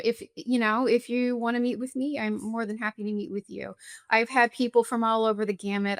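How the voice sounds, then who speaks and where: A woman's voice: medium pitch, clear, resonant tone, no room sound. A middle-aged woman therapist and social worker in a podcast interview, telling stories expressively and laughing often. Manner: warm, expressive storyteller who laughs often.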